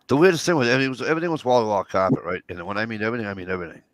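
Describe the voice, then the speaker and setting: A man's voice: lowish voice, very fast, dry recording. A middle-aged man, telling rambling, profane stories and acting out the dialogue. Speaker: podcast co-host. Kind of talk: casual storytelling chat.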